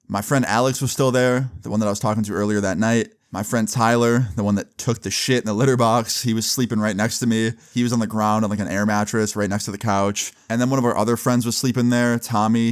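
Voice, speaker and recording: A young man casually telling a funny party story to his camera, slangy and animated, full of "like" and "dude". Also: fairly low pitch. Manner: animated, slangy, fast retelling with lots of "like" and "dude". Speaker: vlogger.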